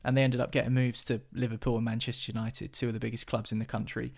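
A man's voice: medium pitch, level tone, fast talker, creaky, a little mellow. A man talking football as a podcast pundit, chatty, with many restarts and fillers. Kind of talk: casual football chat.

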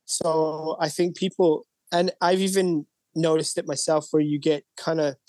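A man's voice: a little high, level tone, measured pace, a little mellow, no echo. A man, a guest musician, chatting casually on a podcast, rambling and full of "like" and "you know". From Canada.

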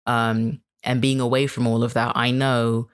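A woman's voice: a bass voice, flat delivery, measured pace. Reflective woman, British-leaning accent. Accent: mostly British with slight American twang. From Kenya. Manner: reflective, many fillers, laughs easily. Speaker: podcast guest. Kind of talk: casual podcast interview.

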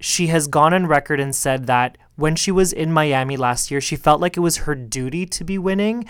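A man's voice: a little high, moderate pace, smooth, no echo. A man hosting a tennis podcast on his own, chatting in a sassy, playful way. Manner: sassy, chatty, calls listeners girl. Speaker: podcast host. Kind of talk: casual solo tennis podcast chat.

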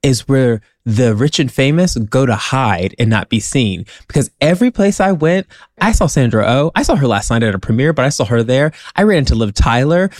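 A man's voice: medium pitch, no room sound. Male co-host, easygoing storyteller, dry close-mic sound. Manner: relaxed, unhurried storytelling. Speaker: podcast co-host. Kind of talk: casual chat.

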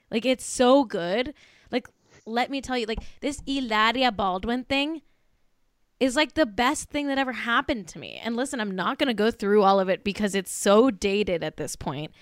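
A woman's voice: mid-range voice, clear, resonant tone, dry recording, studio quality. A woman co-hosting a podcast, chatting casually about celebrity gossip, swearing often and saying "like" constantly. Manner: chatty, swears, heavy use of "like". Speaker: podcast co-host.

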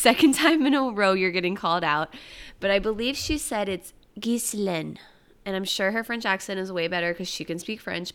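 Chatty young woman, smooth voice. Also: mid-range voice, a bit bright. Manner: chatty, breezy, jokey asides. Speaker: podcast host. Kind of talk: casual solo commentary on news articles.

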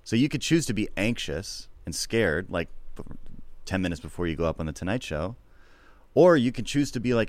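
A middle-aged man, a comedian, talking candidly and reflectively in an interview, swearing freely and getting animated at times. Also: sits low, moderate pace. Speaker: podcast guest, comedian.

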